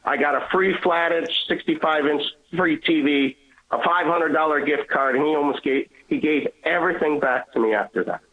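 A man's voice: a little high, normal speed. A man, a guest on the show, earnestly telling a personal faith story and often repeating and restarting his words. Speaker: guest sharing a faith testimony. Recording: tinny phone line.

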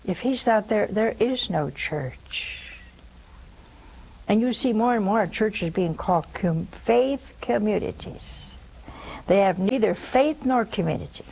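A woman's voice: medium pitch, lively intonation, slow pace, vocal fry, darkish tone, poor audio. A woman hosting a religious call-in show, preaching with emphasis, repeating her points and adding scornful asides. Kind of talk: religious preaching and answering callers.

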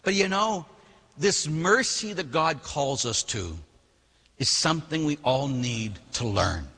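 A man, a priest, preaching a sermon with lively storytelling, acting out quoted voices and laughing at himself. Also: on the high side, slow, breathy edge, big-room sound.

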